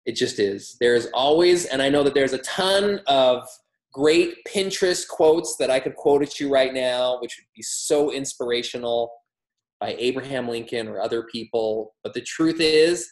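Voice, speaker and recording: A man giving a motivational training talk on wellness products, energetic and emphatic with a humorous streak. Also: medium pitch. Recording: roomy echo.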